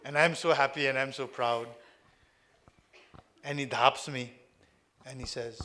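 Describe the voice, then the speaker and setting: A middle-aged man with a Nepali accent giving a lively storytelling speech to a live audience. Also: mid-range voice, a little slow, pauses often. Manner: lively storytelling, mixing in acted quotes. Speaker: public speaker.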